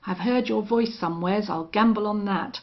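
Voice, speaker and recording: A woman voicing a rough, frightened male rustler leader who shouts huskily. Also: medium pitch, moderate pace, pitched above the performer's own voice, lightly acted. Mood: shouting. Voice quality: husky, shouting. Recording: dull lo-fi audio.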